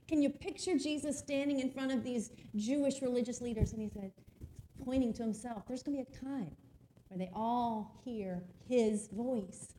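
A woman preaching a sermon, reading scripture aloud and slowing down to stress key words. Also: fairly high pitch, a little hiss or hum. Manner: expressive preaching, slows down for emphasis, reads scripture aloud.

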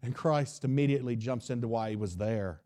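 Folksy preacher, mellow voice. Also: male voice, mid-range voice, brisk. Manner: retells the story in a folksy, conversational way and acts out its dialogue. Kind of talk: sermon.

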